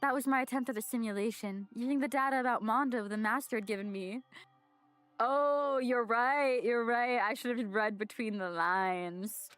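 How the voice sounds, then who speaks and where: A woman with a high voice playing through a story game, excitable, casual swearing, faint game music. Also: moderate pace, no echo. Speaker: let's play streamer. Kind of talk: game playthrough, reading aloud and commenting.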